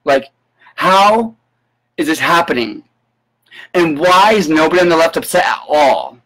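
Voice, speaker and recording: A man giving an indignant live-stream rant, sarcastic and full of profanity, breaking into sudden high yelps. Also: animated, measured pace, fairly bright tone, poor audio. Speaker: political commentator. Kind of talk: ranting live-stream commentary.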